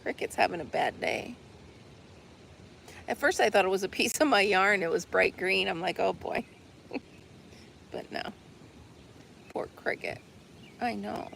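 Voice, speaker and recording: A woman's voice: medium pitch, measured pace, vocal fry, long pauses, a bit bright, a little hiss or hum. A woman chatting casually with her viewers outdoors on a deck, rambling and laughing often. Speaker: livestream host.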